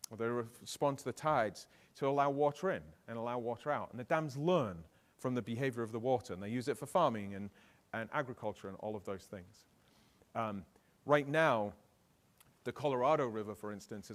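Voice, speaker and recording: A middle-aged man with a British accent giving a lively conference keynote, often putting questions to the audience. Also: mid-range voice. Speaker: keynote speaker.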